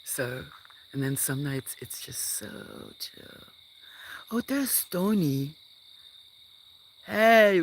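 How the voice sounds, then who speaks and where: A farm live streamer chatting outdoors at night, rambling through stories and often dropping to a hush. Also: medium pitch, vocal fry, a little hiss or hum. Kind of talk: casual live-stream chat. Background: crickets chirping.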